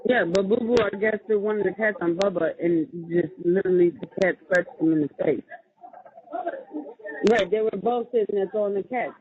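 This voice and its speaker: A woman's voice: medium pitch, brisk. Woman on a tinny phone line, chatter behind. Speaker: wife on a jail call. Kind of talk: casual phone chat.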